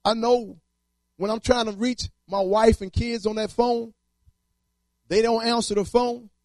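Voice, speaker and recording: A man's voice: extremely high pitch, flat delivery, measured pace, a little mellow, no room sound. A man preaching a sermon in repetitive, rhythmic phrases and casual everyday speech.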